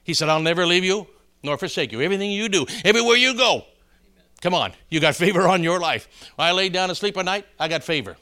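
A middle-aged man preaches in a high, bright, forceful voice. He spins folksy stories and keeps calling out to the congregation to follow along. His delivery rises and punches as he drives each point home. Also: fast talker, clear, resonant tone. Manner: folksy storytelling, calls out to congregation. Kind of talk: sermon with joke stories.

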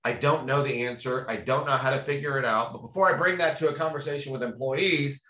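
A man's voice: mid-range voice, quick pace, pushed and bright. A man hosting a casual panel discussion, talking in a rambling, conversational way with lots of fillers. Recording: roomy echo.

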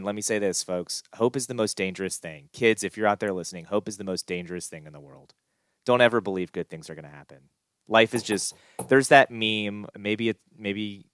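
Gloomy ranting man, smooth low voice. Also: fairly bright tone, dry recording, clean studio sound. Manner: gloomy, exasperated ranting with restarts and sighs. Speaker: podcast co-host. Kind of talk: casual sports podcast rant.

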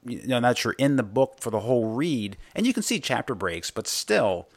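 A man's voice: medium pitch, very animated, brisk, husky. A man with a mid-range voice interviews a guest in an easygoing, conversational way. His voice sounds dry and close, with no room echo. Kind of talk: casual interview chat.

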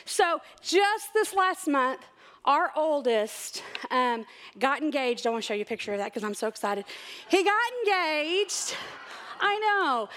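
A middle-aged woman, speaking to her church and telling personal stories in a chatty, excited way. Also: high voice, measured pace. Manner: chatty, excited, laughs often.

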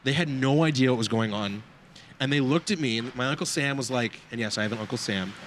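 A man hosting a casual hockey podcast, telling animated, jokey stories to his co-hosts. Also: mid-range voice, quick pace, a little hiss or hum. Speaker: podcast host. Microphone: desk mic on broken stand.

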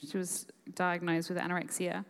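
A young Australian woman telling a personal story on a conference stage, emotional and halting, full of fillers. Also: fairly low pitch, completely flat delivery, clear, resonant tone. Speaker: conference guest speaker. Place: live conference hall. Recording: echoey hall.

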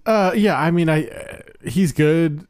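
A man's voice: on the high side, measured pace, darkish tone, dry recording. Hesitant man giving a film opinion. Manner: hesitant, many "uh" and "I mean". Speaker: podcast regular. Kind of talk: casual film discussion.

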